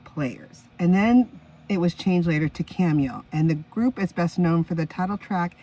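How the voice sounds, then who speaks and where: A woman's voice: on the low side, moderate pace, dark tone, far from the mic, low-quality recording. A woman in her fifties hosting her own music podcast in a chatty, enthusiastic way, stopping now and then to react to her notes. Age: 50s. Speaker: podcast host. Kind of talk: casual solo podcast chat.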